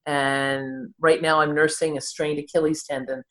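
A woman's voice: low voice, level tone, normal speed, a bit bright. A woman in her sixties, a therapist, telling her own story candidly in an interview and laughing at herself along the way. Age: 60s. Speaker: therapist and podcast guest.

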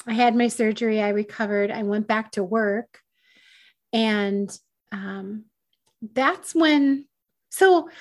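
Candid woman telling her story. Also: a little high. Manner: candid, self-deprecating, laughing at herself. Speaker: podcast guest. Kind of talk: personal storytelling in conversation.

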